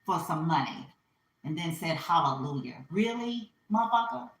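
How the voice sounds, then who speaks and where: A woman reads for her viewers in a casual vlog rant, swearing often and hammering her points with repetition. Her voice sits at an ordinary pitch. The room around her echoes. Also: animated, normal speed. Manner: profane, emphatic, repetitive. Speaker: spiritual reader. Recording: roomy echo.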